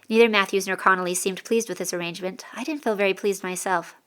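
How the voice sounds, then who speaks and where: A woman reading a first-person story as an audiobook narrator, steady and clear. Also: mid-range voice, fast, hardly any pauses.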